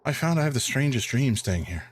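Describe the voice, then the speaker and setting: A man's voice: mid-range voice, very animated, a little fast, slight background noise. A man from Canada commentating a live game playthrough in a rambling, chatty way, laughing often and using many fillers. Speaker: gaming streamer.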